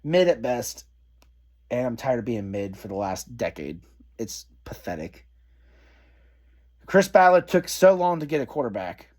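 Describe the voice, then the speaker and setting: Angry swearing man with a lively pitch. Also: measured pace, pauses often. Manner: frustrated, swearing heavily. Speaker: sports fan vlogger. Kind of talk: angry fan rant.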